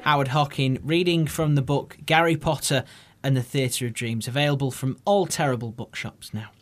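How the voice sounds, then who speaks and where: A man hosting a podcast, introducing a segment and reading out listener questions in a brisk, upbeat way. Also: mid-range voice, soft background music. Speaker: podcast host. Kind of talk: podcast presenting.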